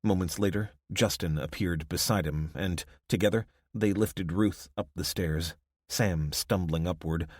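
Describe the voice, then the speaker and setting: A male narrator with a deep voice reads an audiobook in a steady, measured way. The studio recording is clean, with no room sound.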